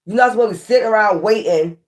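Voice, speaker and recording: A woman giving a casual, animated tarot reading, often scolding and repeating herself. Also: medium pitch, quick pace. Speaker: tarot reader.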